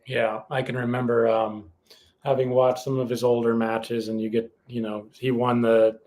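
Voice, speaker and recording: A man's voice: mid-range voice, level tone, moderate pace, darkish tone. A man co-hosting a podcast, speaking in a casual, hesitant way with many fillers. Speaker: podcast co-host. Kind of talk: casual chat.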